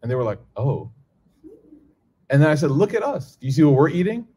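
A man with a fairly high, husky, mellow voice teaches religion to a live audience in a sing-song, slightly quick delivery. The lecture is casual and conversational; he often tosses in "okay?" and "right?" and performs the people he quotes in a raised voice.

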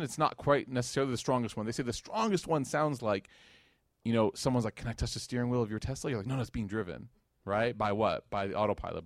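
Fast-talking man telling a lively religious story. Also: medium pitch, no echo, clean studio sound. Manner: animated storytelling with voices and jokes. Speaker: preacher. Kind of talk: casual Islamic lecture.

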